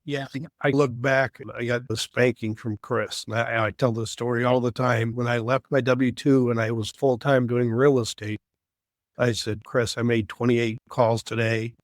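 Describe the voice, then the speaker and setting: A man's voice: mid-range voice, level tone, normal speed, no room sound, clean studio sound. A man co-hosting a podcast in casual chat, explaining things earnestly and telling stories from his own work. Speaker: podcast co-host.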